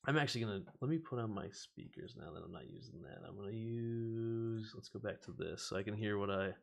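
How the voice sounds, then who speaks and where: A man's voice: lowish voice, quick pace, vocal fry. A man hosting a casual card-opening stream. He chats, laughs often and reads the card text aloud. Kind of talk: casual chat while opening card packs.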